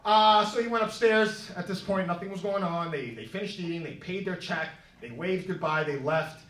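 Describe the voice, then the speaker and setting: A man doing stand-up, telling an animated story and acting out the scenes in a New York comedy club. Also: high voice, slight background noise. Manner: animated, quick asides, acts out scenes. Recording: echoey room, mic far off. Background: audience laughter.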